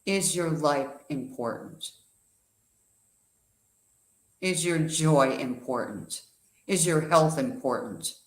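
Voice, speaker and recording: A man's voice: on the high side, animated, slow, long pauses. A man giving an emphatic motivational talk, full of rhetorical questions and a told parable. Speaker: guest speaker. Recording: echoey room.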